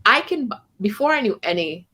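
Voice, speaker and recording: Chatty woman telling lively stories. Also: medium pitch, moderate pace, husky. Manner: animated storytelling with lots of "like" and "right?". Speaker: co-host. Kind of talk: casual chat. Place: home in Mexico City.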